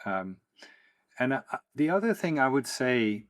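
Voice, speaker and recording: A man from the Netherlands hosting an interview as a coach, speaking in a measured, reflective way. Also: medium pitch, big pitch swings. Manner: measured, reflective, frequent hums of agreement. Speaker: podcast host, coach. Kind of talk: conversational interview.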